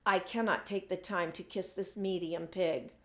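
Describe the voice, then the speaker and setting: A woman's voice: fairly low pitch, fairly even intonation, normal speed, fairly bright tone, lightly acted. A woman reading aloud, voicing a fussy, reluctant male school principal who protests in a flustered way. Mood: protesting. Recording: echoey room.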